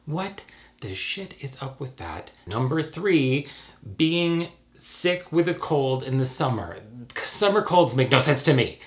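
A young man with a cold, talking straight to camera in a sarcastic, profane, animated rant. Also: fairly high pitch, takes it slowly. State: has a cold. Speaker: YouTuber. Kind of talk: ranting casual vlog.

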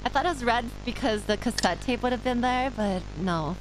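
A woman streamer giving live gameplay commentary, excitable, swearing freely and laughing often. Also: a little high, brisk, music in the background.

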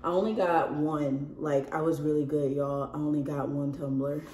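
With a low-pitched voice, fairly even intonation and a normal speed, a young woman chats to camera indoors at home. She's sick and losing her voice, yet she laughs often and speaks directly to her viewers. Background noise is present.

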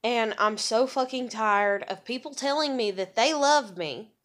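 An American woman ranting in a vlog, angry, profane and rambling, her voice jumping high when heated. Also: unhurried, a bit bright. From USA. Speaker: vlogger. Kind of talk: ranting monologue.

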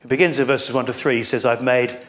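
A man's voice: mid-range voice, rapid-fire, fairly bright tone. A man preaching a sermon, explaining a scripture text in an earnest manner and putting questions to his listeners.

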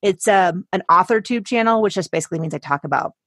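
A woman's voice: on the low side, fast talker, dry recording, studio quality. A woman author guest talking casually in an interview, chatty and emphatic, often restarting her sentences.

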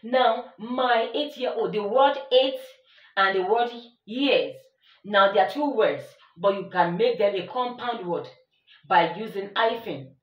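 A woman's voice: mid-range voice, animated, measured pace, highs cut off. A woman teaching an English grammar lesson, emphatic, repeating her examples and checking that the listener follows. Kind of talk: classroom-style grammar lesson. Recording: echoey room, voice a bit far from the mic.

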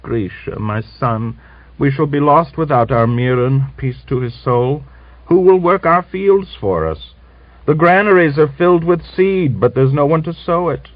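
A man's voice: a little high, dry recording, voice pushed up, close to an everyday voice. A man voicing a grieving old peasant woman who wails and laments, from an old lo-fi recording. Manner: wailing, lamenting.

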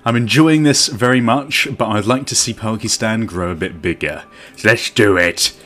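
A man's voice: lowish voice, normal speed, fairly bright tone. A man giving casual let's-play commentary, thinking aloud and teasing himself as he plays. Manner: thinks aloud, self-mocking asides. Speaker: game commentator. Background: faint background music.

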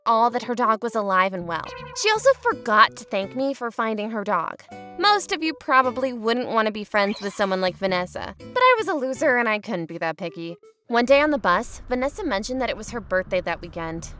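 A woman narrating an animated story in an expressive storytelling manner. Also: fairly high pitch, fairly quick. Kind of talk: scripted narration. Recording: faint music underneath.

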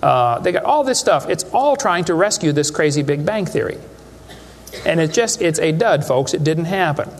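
A man's voice: a little high, animated, moderate pace, a little hiss or hum. A man speaking to a live audience, giving a humorous lecture in a folksy, joking way with rhetorical questions.

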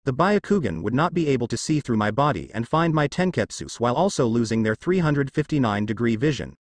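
A man's voice: mid-range voice, animated, a little fast, no room sound, close to an everyday voice. A man voicing a cocky teenage boy ninja in a fan fiction reading, smug and teasing. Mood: explaining.

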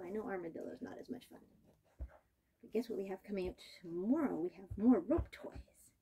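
A woman dog trainer giving calm, patient instruction while working with a puppy, coaxing and praising it. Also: mid-range voice, a little fast, slightly rough, phone-quality sound. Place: indoor training room.

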